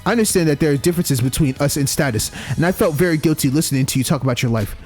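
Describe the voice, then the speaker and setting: A man voicing a gentle, sincere young hero. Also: a little high, racing, faint music behind, lightly acted. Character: calm, kind young male protagonist.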